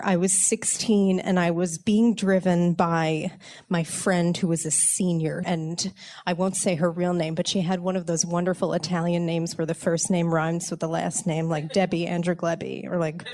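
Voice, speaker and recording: A young woman comedian telling a comic personal story in a wry, self-mocking, animated way. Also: lowish voice, normal speed.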